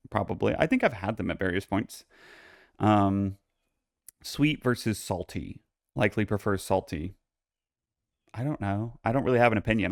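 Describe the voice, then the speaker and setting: A young man hosting a casual solo podcast, campy and playfully bossy, swearing freely and jumping into high squeals for jokes. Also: moderate pace, no echo, clean studio sound. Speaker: podcast host.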